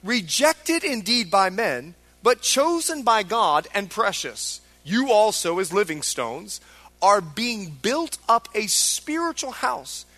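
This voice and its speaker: Man, pastor, very high voice, emphatic sermon delivery. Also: sing-song, slow, sharp tone. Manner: preaching with dramatic voices for biblical figures, emphatic.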